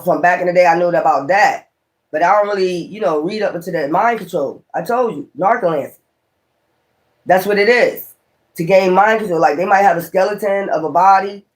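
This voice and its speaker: Man, tarot reader, high-pitched, swears freely, exclaims and rambles. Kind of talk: casual tarot reading.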